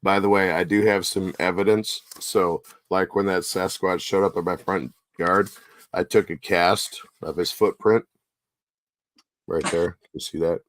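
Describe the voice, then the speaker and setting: A man co-hosting a casual podcast, cracking deadpan jokes. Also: sits low, measured pace, no room sound. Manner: joking, deadpan wisecracks. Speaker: podcast co-host.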